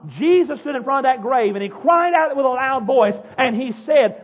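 A man preaching a fiery sermon as pastor, yelling and pounding the pulpit in a church. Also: very high voice, expressive, moderate pace, slightly rough. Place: church sanctuary. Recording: dull echoey church hall.

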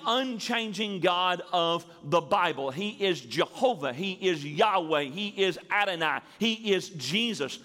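A man's voice: sits high, pushed and bright. A man preaching a sermon as pastor to a church congregation, building emphasis and stretching key words. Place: church sanctuary before a congregation. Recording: reverberant sanctuary hall.

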